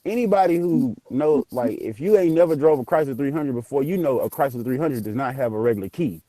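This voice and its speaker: Animated man telling a story. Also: mid-range voice, fairly quick, no room sound. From Memphis area, US South. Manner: animated, profane, acts out voices. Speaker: guest telling a ghost story. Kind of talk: casual storytelling.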